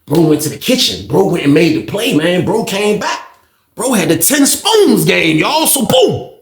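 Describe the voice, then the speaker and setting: A man's voice: high voice, moderate pace, vocal fry. A man telling a long story in a casual, slangy way, acting out the people in it. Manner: animated, slangy, acts out the other people in his story. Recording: roomy echo.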